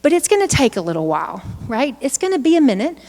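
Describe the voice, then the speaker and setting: Woman, workshop presenter, casual and chatty with the crowd, handheld mic, slightly high voice. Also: big pitch swings, quick pace, darkish tone, big-room sound. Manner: chatty, informal, asks the audience questions. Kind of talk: live workshop talk to an audience. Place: room with a live audience. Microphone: handheld microphone.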